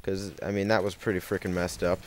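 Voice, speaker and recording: A man's voice: low voice, little pitch movement, brisk, slight background noise. Rambling young man telling a story. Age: young adult. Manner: rambling, filler-heavy, self-correcting. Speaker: gaming commentator. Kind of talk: casual storytelling over gameplay.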